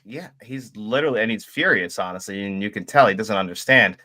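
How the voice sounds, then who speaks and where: A man's voice: fairly low pitch, a little fast, sharp tone. A man co-hosting a podcast, chatting casually about a film and laughing easily. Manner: easygoing, laughs often. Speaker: podcast co-host.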